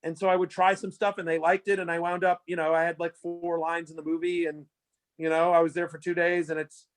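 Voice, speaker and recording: High-voiced man telling rambling stories. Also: fairly quick. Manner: rambling, lots of fillers and restarts, animated retelling. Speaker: fantasy sports analyst guest. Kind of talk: casual interview storytelling.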